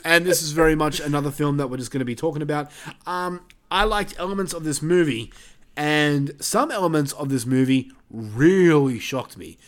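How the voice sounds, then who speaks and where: A man's voice: a little high, moderate pace. A man chatting casually as a podcast co-host reviewing films, loose and sweary, laughing often. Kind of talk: casual chat.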